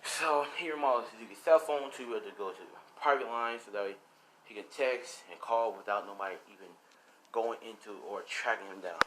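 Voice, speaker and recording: A man's voice: fairly low pitch, a little fast, noisy background. A young man improvising a fan-fiction story, rambling and repeating "and he's like".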